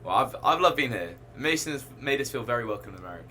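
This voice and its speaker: A man's voice: medium pitch, expressive, rapid-fire, a crowd in the background. A young man from England with an English accent, a guest on a casual podcast, joking and playful. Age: young adult.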